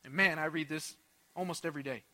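Young male preacher, high and very bright tone, animated storyteller. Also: fast talker. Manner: animated storytelling with laughs and asides. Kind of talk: sermon with personal story.

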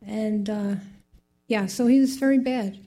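A woman's voice: medium pitch, unhurried, warm tone. An older woman giving a heartfelt personal faith testimony, rambling through her story with many asides.

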